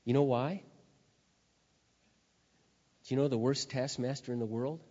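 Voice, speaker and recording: Forceful preacher in an echoing hall. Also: male voice, medium pitch, fairly even intonation, a little slow. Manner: forceful, swings between loud emphasis and quiet intensity. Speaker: pastor. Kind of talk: sermon. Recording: dull sound with long hall reverb.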